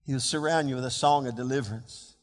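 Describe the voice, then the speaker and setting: A man preaching a sermon as pastor, dropping to hushed murmurs and rising to loud, fervent shouts of scripture. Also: mid-range voice, steady tone, brisk. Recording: long reverb of a large hall.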